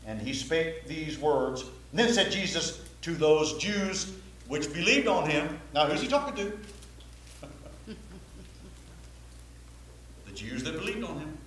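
With long pauses and a measured pace, this man preaches to a Baptist congregation in an expressive, fairly bright voice on the high side. Emphatic and repetitive, he often asks his listeners questions. The sound carries a very echoey hall and faint ambience.

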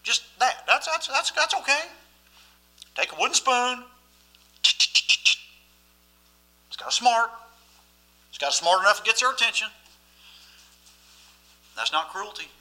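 A man's voice: high-pitched, lively intonation, measured pace, long pauses, pushed and bright, rough recording. A man preaching a sermon as pastor, emphatic and often asking the listeners questions.

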